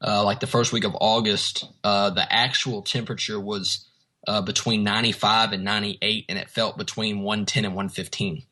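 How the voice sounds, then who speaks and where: A man's voice: on the low side, little pitch movement, moderate pace, sharp tone. A man from Texas with a Southern accent, guest on a podcast, easygoing with many hesitations. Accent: Southern US, Texan. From Houston, Texas. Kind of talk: casual interview chat.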